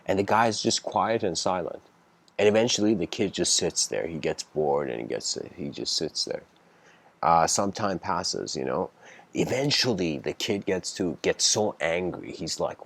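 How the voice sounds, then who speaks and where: A man's voice: sits low, moderate pace. A young man giving a casual spoken lecture, rambling with many fillers and restarts and voicing the people in his story. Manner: acts out characters in the story with raised voice.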